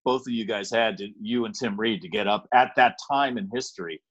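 A male host with a low voice wraps up an interview chat. He rambles with fillers and praises his guest at length. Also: brisk, fairly bright tone, highs cut off. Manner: rambling, effusive thanks with fillers. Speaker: podcast host.

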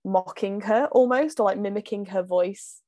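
An English woman in a loose, friendly chat, full of little laughs and filler words. Her voice sits at a middling pitch and the recording is close and dry, with no room sound. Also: moderate pace, warm tone, no echo. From England. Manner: chatty, laughs often, many fillers. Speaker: singer-songwriter guest. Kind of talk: casual chat.

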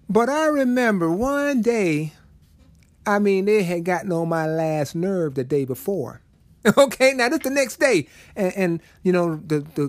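A man's voice: on the high side, a little mellow, dry recording. A middle-aged man preaching a storytelling sermon in a folksy, conversational way with emphatic turns.

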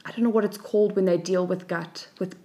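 A South African woman in her thirties with a slightly low voice. She co-hosts a casual podcast and tells personal stories with lively animation, briefly taking on the voices of the people in them. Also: quick pace. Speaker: podcast co-host. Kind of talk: casual storytelling chat.

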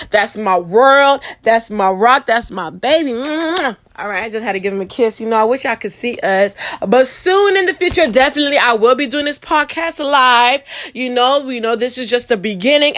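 A young woman hosts a Christian podcast in a high, bright voice. She talks with lots of energy and preaches in between, throwing asides and amens to her listeners. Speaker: podcast host. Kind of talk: casual Christian podcast talk.

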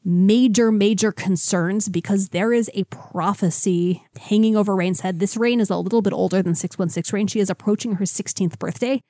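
A woman's voice: medium pitch, warm tone, dry recording, clean studio sound. Sardonic woman recapping comics. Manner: quick, sardonic, storytelling. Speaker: podcast co-host. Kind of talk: casual comic-book chat.

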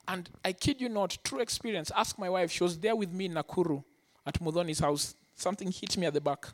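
Male preacher, animated testimony storytelling. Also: high-pitched, brisk. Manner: animated storytelling, acting out quotes. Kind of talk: sermon testimony.

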